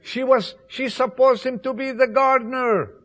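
A man preaching an Easter sermon, with emphatic repetitions, swinging between loud appeals and soft, hushed passages. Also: extremely high pitch, fairly even intonation. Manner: slow, emphatic delivery with repetitions.

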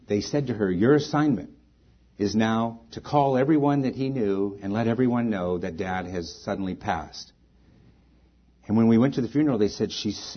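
Husky-voiced male pastor preaching. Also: on the low side, lo-fi sound. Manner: reads scripture aloud with rising emphasis, then speaks plainly to the congregation. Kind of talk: sermon.

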